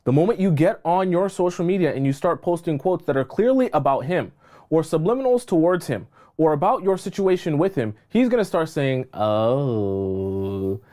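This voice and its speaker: A man's voice: sits high, animated, brisk, mellow. A man giving dating advice on a livestream, emphatic and repetitive, checking in with his viewers. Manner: emphatic, repeats points, checks in with "okay?". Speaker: dating coach.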